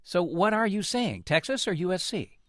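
A man hosting a public radio news interview from a studio, asking brisk, lightly wry questions. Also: high voice, very animated, fairly bright tone, dry recording. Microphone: studio mic.

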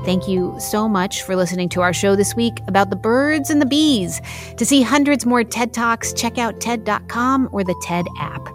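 A woman radio host reading the show's closing credits in a polished, even announcer manner. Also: a little high, moderate pace. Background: theme music.

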